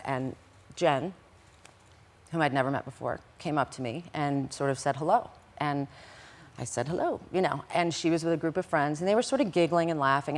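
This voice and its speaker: A middle-aged woman with a low voice tells a personal story in an interview. She is animated and emotional, and she acts out the lines of the people in it. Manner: animated, acts out quoted dialogue. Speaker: interview guest recounting past events.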